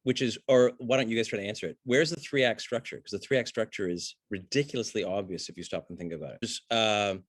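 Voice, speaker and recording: A middle-aged man, an acting teacher, breaking down a film scene for an online class over a video call, animated and conversational. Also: fairly low pitch, fast talker, few pauses, no echo. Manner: animated, conversational, jumps into reading script lines.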